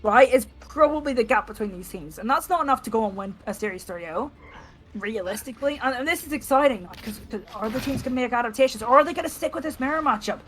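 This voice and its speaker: A woman's voice: fairly high pitch, lively intonation, quick pace, fairly bright tone. A young woman analyzing a live esports match, thinking aloud and restarting her sentences, with faint game music behind her.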